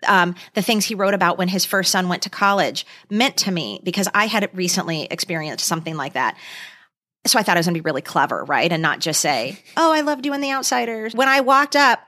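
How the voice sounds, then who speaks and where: A middle-aged woman with a voice of average pitch co-hosts a podcast in casual chat. She speaks with enthusiasm and addresses the listeners directly. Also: sharp tone. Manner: enthusiastic, talks straight to listeners. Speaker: podcast co-host.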